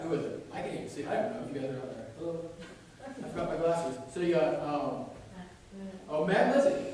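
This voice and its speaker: A man preaching a sermon in a church, telling jokey stories and shouting out quoted lines. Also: fairly high pitch, slight background noise. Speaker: pastor. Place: church sanctuary. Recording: echoey church room from a distance.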